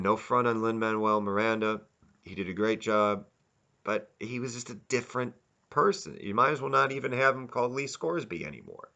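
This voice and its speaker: A man's voice: lowish voice, sharp tone. A man giving a casual, rambling spoken review, often restarting and correcting himself. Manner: rambling, self-correcting, candid. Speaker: video reviewer.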